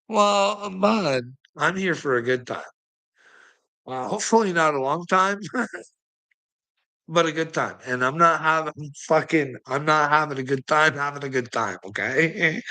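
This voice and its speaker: A man's voice: fairly high pitch, measured pace, pushed and bright, poor audio. A man delivering a profane, rambling rant, swearing constantly and breaking into laughter between phrases. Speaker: online commentator.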